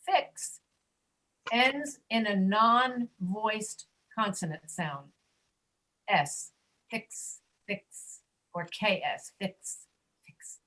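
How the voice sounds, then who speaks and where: A woman teaching an online pronunciation class, stretching out words slowly to model each sound. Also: medium pitch, a bit bright, poor audio. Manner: slow, drawn-out modeling of sounds. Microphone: video call.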